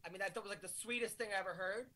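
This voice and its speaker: Comedian guy chatting on a podcast, stumbles and repeats himself, bright high voice. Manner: halting, repeats words, quotes people. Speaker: guest comedian. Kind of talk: casual chat.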